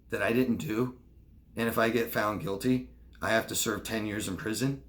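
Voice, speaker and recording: A man gives a coaching lesson straight to camera. He talks casually, in an everyday voice, and keeps breaking into quick acted-out examples to make his points. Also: mid-range voice. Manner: conversational, acts out short demonstrations of lying and truth-telling. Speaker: relationship coach. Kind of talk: instructional talk to camera.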